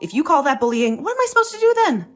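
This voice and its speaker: A woman's voice: high voice, big pitch swings, racing, a bit bright, soft background music. A woman voicing a young wife who stands her ground, talking in an indignant, sarcastic way. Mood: indignant, defiant. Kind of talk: dramatized story dialogue.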